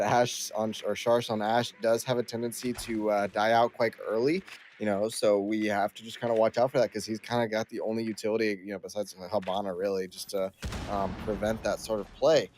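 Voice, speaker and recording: A man casting a live esports match, talking quickly through play-by-play and analysis in a chatty, easygoing way. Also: on the low side, flat delivery, darkish tone, a little hiss or hum. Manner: talkative, quick asides, apologetic host patter. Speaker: esports caster.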